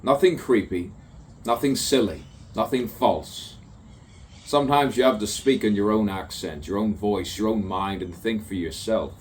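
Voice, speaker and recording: A man's voice: on the low side, a little slow. A man reciting his own spoken word poem in a musing, repetitive way, with sudden emphatic bursts. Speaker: poet. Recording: distant mic with faint background noise.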